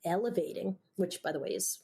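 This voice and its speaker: A middle-aged woman, a broadcast journalist, talking candidly as a guest in an interview, opinionated and quick to laugh. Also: medium pitch, vocal fry, dark tone. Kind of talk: conversational interview.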